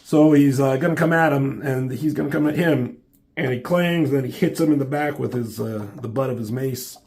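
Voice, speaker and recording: A man casually reviews a comic book, rambling, joking and swearing freely. His voice has a gravelly fry and sits at an ordinary male pitch. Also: moderate pace, a little mellow, a little hiss or hum.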